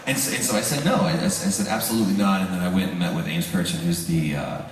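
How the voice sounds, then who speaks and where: A man, a voice actor, telling jokey, animated stories on a live convention panel and laughing often. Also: low voice, quick pace, some chatter behind. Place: large convention room with audience. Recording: echoey hall, audience noise, from far off.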